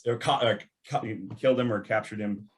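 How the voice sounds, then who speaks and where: A man's voice: fairly low pitch, fairly quick. A middle-aged man, a former intelligence analyst, telling a story in conversation, laughing often and acting out the voices of others. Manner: animated, laughs often, acts out quoted voices.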